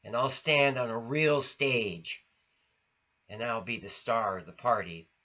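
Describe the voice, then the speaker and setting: A man's voice: medium pitch, unhurried, bright, forceful tone. A man voicing a showy, competitive young male animal brother in a storybook reading. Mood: boastful. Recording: lo-fi recording.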